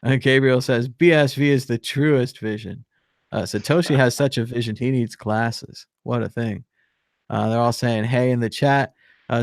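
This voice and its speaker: A crypto host with a medium-pitched voice chats live online; the studio sound is clean with no echo. He rambles casually with plenty of fillers. He reads viewer comments aloud and chuckles at them.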